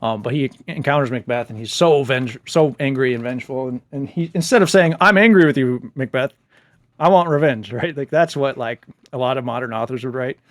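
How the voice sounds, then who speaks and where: A man's voice: mid-range voice, fairly quick, no echo. A man casually reviewing a book he loved, enthusiastic and chatty, laughing easily.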